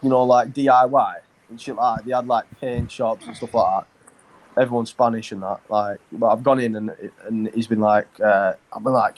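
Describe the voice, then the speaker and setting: A man tells a long, meandering story on a podcast. His talk is loose and full of fillers and swearing. His voice sits in an ordinary middle pitch. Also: steady tone, normal speed, poor audio. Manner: rambling, swears a lot, many fillers. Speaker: podcast co-host. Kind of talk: casual storytelling chat.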